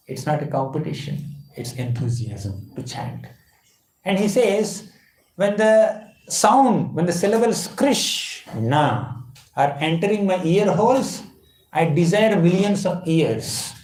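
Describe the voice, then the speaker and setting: Man giving a devotional talk in an echoey room. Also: a little high. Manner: chants verses slowly, then explains them; questions the audience, with soft laughs. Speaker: spiritual teacher. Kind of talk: devotional lecture.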